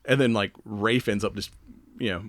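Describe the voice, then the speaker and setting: Laid-back low-voiced podcast guy. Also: moderate pace, no echo. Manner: laid-back, rambling recaps with frequent laughs. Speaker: podcast co-host. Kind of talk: casual chat.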